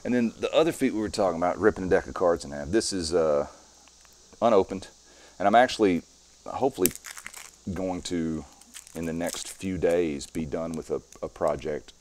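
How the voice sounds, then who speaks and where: A man's voice: sits low, normal speed, darkish tone, a little hiss or hum. A middle-aged strongman guest talking casually in an interview, explaining his methods step by step as he demonstrates.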